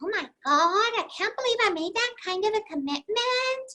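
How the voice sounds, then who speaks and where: A woman voicing a doubting inner voice that mocks and worries in a high, quick tone. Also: lively intonation, bright, forceful tone, full character voice. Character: doubting little inner voice, sneering and anxious.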